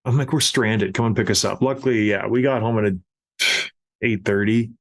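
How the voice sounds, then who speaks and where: A middle-aged man hosting a podcast, telling a family story in a casual, animated way with laughs. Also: lowish voice, moderate pace. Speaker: podcast host.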